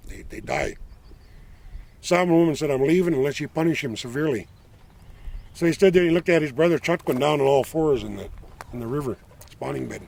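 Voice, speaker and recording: An older man from the Lummi Nation, a tribal elder telling an oral legend outdoors by the shore in an unhurried, plain-spoken way. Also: a little high, creaky. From Lummi Nation, Pacific Northwest.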